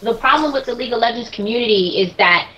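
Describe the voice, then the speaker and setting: A woman calling in to a podcast who chats casually in quick, short remarks. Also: on the high side, bright, forceful tone, poor audio. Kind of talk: casual chat. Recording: crowd noise behind.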